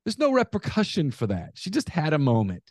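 Animated man ranting on a podcast. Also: a little high, a little fast, no echo, studio quality. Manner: heated ranting with stammered repeats. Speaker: podcast co-host. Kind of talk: casual podcast chat.

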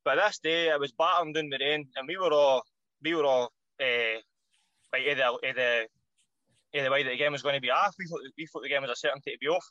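Scottish ex-footballer guest, slangy storyteller, bright tone, rapid delivery. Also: male voice, medium pitch, no room sound, muffled recording. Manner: animated, swears freely, slangy. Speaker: podcast guest, former footballer. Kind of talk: casual anecdote telling.

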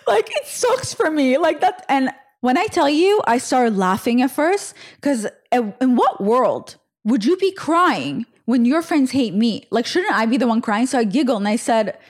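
Woman, 20s, podcast host; casual, animated storyteller. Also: a little high, moderate pace, hardly any pauses. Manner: chatty, animated retelling with fillers.

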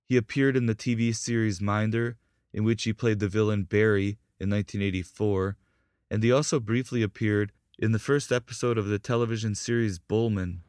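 A man narrates a documentary script in a steady, measured reading. His voice sits low. The recording is dry and close, with no room sound. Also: clear, resonant tone, no echo.

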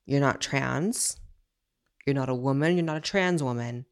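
A woman's voice: a bass voice, normal speed. A woman hosting an opinionated commentary show, talking in a blunt, sarcastic, ranting way.

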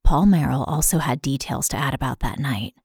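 A woman podcast host reading a scripted true crime narration in a steady, matter-of-fact way. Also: a bass voice, brisk, breathy edge, dry recording, studio quality.

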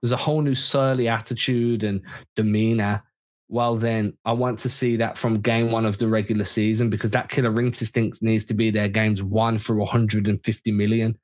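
Male podcast co-host, somewhat low voice, casual and opinionated, tends to restart his sentences. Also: normal speed. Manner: animated, opinionated, rambling with restarts. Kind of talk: casual sports podcast chat.

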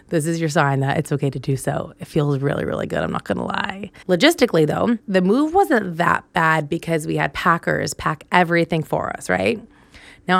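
Chatty woman with a gravelly low voice. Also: fairly bright tone, no room sound. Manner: chatty storytelling, laughs often, dramatic outbursts. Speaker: podcast host. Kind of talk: solo podcast monologue.

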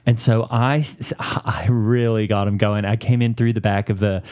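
A man's voice: fairly low pitch, steady tone, moderate pace, a little mellow, no echo, lightly acted. A man playing an eager, oblivious youth pastor. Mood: upbeat. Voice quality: rambling, earnest, self-interrupting. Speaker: co-host. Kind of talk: improvised satire.

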